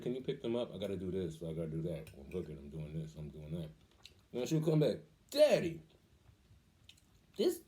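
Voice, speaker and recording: Middle-aged man, dark mellow tone, casual animated storytelling, acts out quotes. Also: mid-range voice, a little fast. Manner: animated, acts out quoted voices, laughs often. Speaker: vlogger, father.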